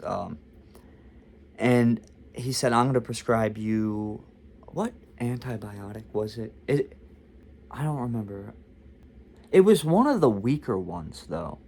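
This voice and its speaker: A man's voice: medium pitch, a little hiss or hum. A young man vlogging a casual storytime, talking candidly and confessionally about his own experience.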